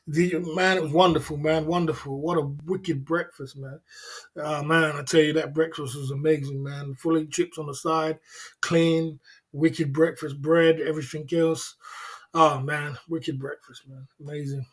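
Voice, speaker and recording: Hyped tipsy man, high voice. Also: little pitch movement, normal speed, slightly rough. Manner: hyped, repeats catchphrases, laughs often. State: tipsy from drinking. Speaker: livestream host. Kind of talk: late-night livestream chat.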